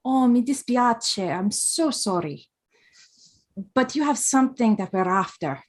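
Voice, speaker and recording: A woman taking part as a player in a tabletop game, describing her character's actions in a casual, expressive way. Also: on the high side, a little slow. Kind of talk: casual play narration.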